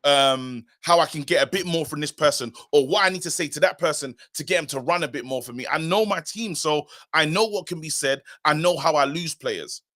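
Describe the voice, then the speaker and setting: Casting: animated male fan co-host, fairly high, bright voice. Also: fairly quick, few pauses. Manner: animated, emphatic, repeats himself. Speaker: co-host of a football fan show. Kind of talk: casual live-stream chat.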